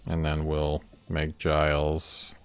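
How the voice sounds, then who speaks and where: A very deep, monotone voice, clean in tone, takes things slowly. The man is an indie game developer on a casual livestream, thinking aloud as he builds his game, rambling and chuckling through each step.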